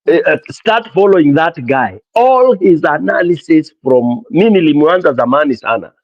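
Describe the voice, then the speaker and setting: A man with a Kenyan accent hosting a casual call-in talk show, animated and mixing English with Swahili. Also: a little high, moderate pace, no room sound, dull audio. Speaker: host of a call-in political show. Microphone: streaming mic.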